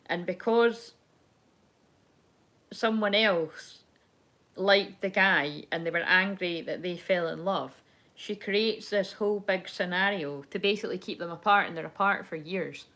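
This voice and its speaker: A woman's voice: lowish voice, a little slow, fairly bright tone. A young adult woman giving a casual tarot reading, talking in a candid, rambling way and cursing freely. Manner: rambling, candid, swears and laughs often. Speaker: tarot card reader.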